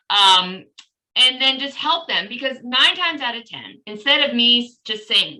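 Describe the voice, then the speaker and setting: A woman's voice: a little high, animated, normal speed, pushed and bright, low-quality recording. A woman educator giving a conversational webinar presentation, chatty and informal with light humor.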